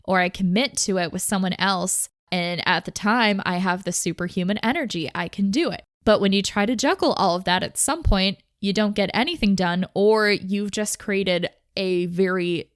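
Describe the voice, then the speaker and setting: A woman's voice: medium pitch, no echo. Chatty young woman, dry sound. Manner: chatty, candid, fast bursts with frequent "like". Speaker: podcast host. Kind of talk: casual personal talk on mental health.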